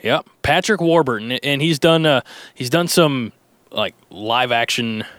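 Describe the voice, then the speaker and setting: Bright, crisp-voiced male host. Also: medium pitch, unhurried, no echo. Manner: chatty, joking, rambling with restarts. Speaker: radio host. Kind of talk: casual recorded chat. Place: studio alone, headphones. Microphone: studio mic with headphones.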